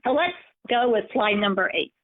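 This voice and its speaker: A woman coaching through a live webinar, sharing personal stories in an encouraging, storytelling way. Her voice sits at an ordinary middle pitch. The sound is narrow and phone-like, as if it came down a call line. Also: lively intonation, normal speed. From United States. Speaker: empowerment coach and speaker. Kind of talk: webinar presentation. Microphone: webinar call audio.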